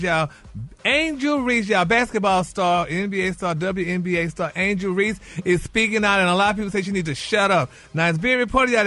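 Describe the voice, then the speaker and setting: A man's voice: sits high, sharp tone. A man presenting celebrity gossip on morning radio in a chatty, folksy way. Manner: chatty, peppered with "y'all" and "honey".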